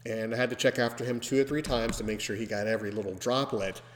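A man hosting a podcast, telling a story casually and breaking into loud, animated mimicry of screams. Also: medium pitch, fast, slight background noise. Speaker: podcast host. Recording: long hall reverb.

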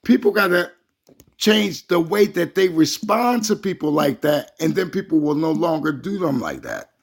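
A man's voice: fairly high pitch, very animated, moderate pace, creaky. A man co-hosting a casual talk show, speaking bluntly in a folksy, colloquial way. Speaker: co-host.

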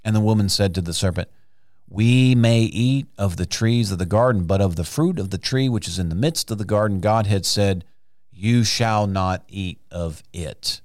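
A man's voice: on the low side, normal speed, darkish tone, dry recording. A man teaching the Bible on a podcast, sermon-style, emphatic, asking rhetorical questions and stretching out key words, recorded in a studio.

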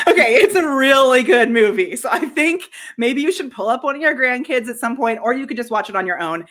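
A woman hosting an interview in casual chat, enthusiastic and quick to laugh. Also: on the high side, a bit bright. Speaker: interview host.

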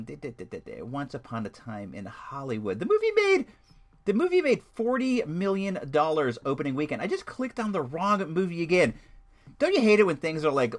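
Lively, animated young man reviewing a movie. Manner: animated, chatty storytelling with lively swings in pitch. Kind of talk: casual movie review vlog.

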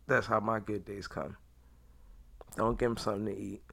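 Low gravelly-voiced man, casual podcast host. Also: flat delivery, moderate pace, a bit bright. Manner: rambling, slangy and blunt. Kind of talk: casual monologue.

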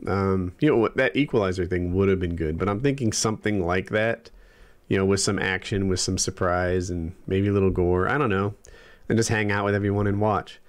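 A man's voice: low-pitched, fairly quick. A man in his forties co-hosting a podcast, chatting casually and rambling with lots of fillers. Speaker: podcast co-host. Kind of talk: casual chat.

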